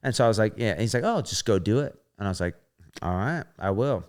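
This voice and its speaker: A former gymnast in his thirties appears as a podcast guest, speaking fast in a lowish voice. He tells a story casually and with animation, swearing often and acting out what people said.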